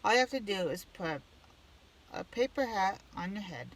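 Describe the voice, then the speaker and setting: A storybook reader giving a helpful townswoman plain, matter-of-fact lines of advice, a little higher than the narration. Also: lively intonation, normal speed, far from the mic. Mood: brisk. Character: helpful townswoman full of remedies. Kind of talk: storybook read-aloud.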